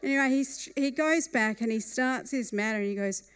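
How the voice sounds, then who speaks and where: A woman telling a funny true story at a live storytelling night, with a wry and lively manner. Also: medium pitch, normal speed, few pauses, clean tone.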